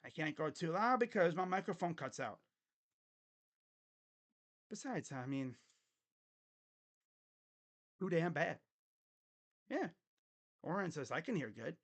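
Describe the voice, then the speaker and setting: A man with a high-pitched voice hosts a casual sports livestream from his home setup, talking into a desk microphone. His tone is grumbling and sarcastic, and he swears offhandedly as he chats. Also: lively intonation, slow pace, pauses often, a bit bright.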